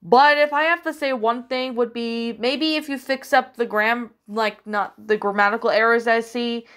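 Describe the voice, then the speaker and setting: A woman's voice: a little high, fairly even intonation, normal speed, a bit bright. A woman casually reviewing a story she narrated, rambling with many fillers and restarts, hesitant and apologetic. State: hiccuping.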